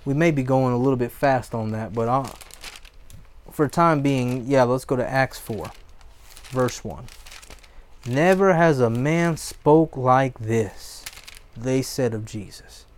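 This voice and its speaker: A man preaching a sermon, reading scripture aloud, exhorting his listeners and breaking into short prayers. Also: mid-range voice.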